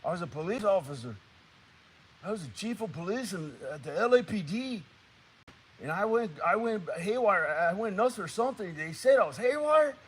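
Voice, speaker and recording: A man's voice: high voice, lively intonation, moderate pace, breathy edge, voice pushed up. A man voicing a rambling stranger in the woods, with a put-on Mexican American accent and street slang. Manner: street slang, calls listener "Holmes". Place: woods outdoors.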